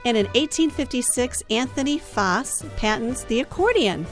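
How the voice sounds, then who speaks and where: A woman's voice: on the high side, lively intonation, normal speed, faint music behind. A woman co-hosting a casual radio show, reading history items and answering her partner briefly. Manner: brief, supportive responses. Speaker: radio co-host.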